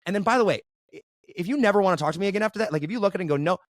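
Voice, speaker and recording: Fast-talking animated man, guest storyteller. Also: high-pitched, no echo. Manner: animated, keeps asking "right?". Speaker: podcast guest, entrepreneur. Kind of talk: casual interview storytelling.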